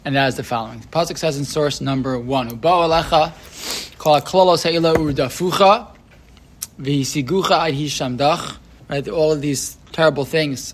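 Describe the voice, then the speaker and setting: A man's voice: medium pitch, fairly bright tone. A man teaching an informal class on a religious text, talking in a loose, conversational way with many fillers and restarts, and often asking his students questions.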